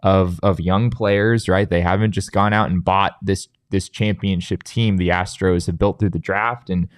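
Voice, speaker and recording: A young man co-hosting a sports talk show, talking in an animated, casual way with lots of restarts and "like". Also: deep voice, moderate pace, no room sound, studio quality. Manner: animated, with frequent restarts and filler "like".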